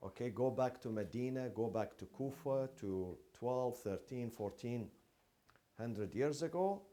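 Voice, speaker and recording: A man's voice: mid-range voice, animated, measured pace, warm tone. A man teaching a classroom lecture, asking the class questions and repeating key terms.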